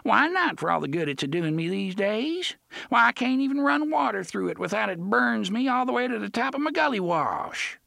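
A man's voice: sits high, huge pitch swings, moderate pace, vocal fry, fairly bright tone, no echo, studio quality, pitched above the performer's own voice, full character voice. A man voicing a dying, ragged old male pirate who talks in thick slang, friendly and threatening at once. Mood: gleeful wheedling. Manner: thick slangy speech, chummy yet threatening.

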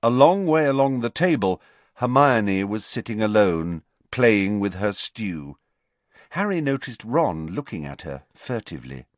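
A man narrating an audiobook with expressive, varied storytelling. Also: on the low side, a little slow, no echo. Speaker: audiobook reader.

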